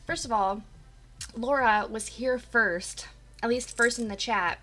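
A woman's voice: on the high side, a little slow, bright, forceful tone. A woman streaming from her apartment, chatting with live viewers, her voice a bit dry and coughy after just waking up. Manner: bubbly, chatty, greets viewers by name. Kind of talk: casual chat with live viewers. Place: home apartment. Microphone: desk mic.

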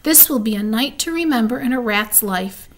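A woman's voice: a little high, animated, normal speed. A woman voicing a greedy male rat in a storybook reading, sneering and boastful.

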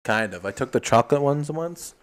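A man's voice: mid-range voice, expressive, fairly quick. A young man telling crude stories and laughing in a casual podcast chat. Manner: crude, storytelling, laughs a lot.

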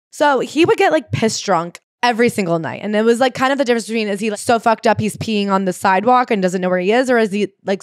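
A woman's voice: mid-range voice, no echo, clean studio sound. A woman co-hosting a casual book-club podcast, animatedly retelling a memoir with swearing. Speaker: podcast co-host.

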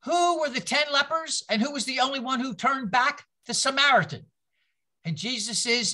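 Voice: high-pitched, moderate pace, sharp tone. A teacher leading a church history class, speaking in an informal, rambling lecture full of anecdotes, restarts and asides to the group.

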